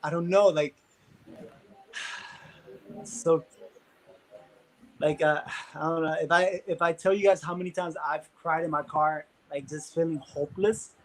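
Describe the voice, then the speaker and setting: A man's voice: fairly high pitch, fairly even intonation, unhurried, pauses often, poor audio. A young man as an interview guest, talking earnestly and casually with many fillers.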